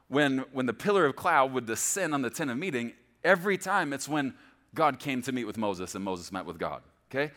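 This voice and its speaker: A male pastor preaching a sermon, emphatic and lively, pushing ahead quickly and then slowing right down to stress a point, often checking in with the congregation. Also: medium pitch. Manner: animated, emphatic, speeds up and slows down for stress; checks in with the congregation, repeating "okay?".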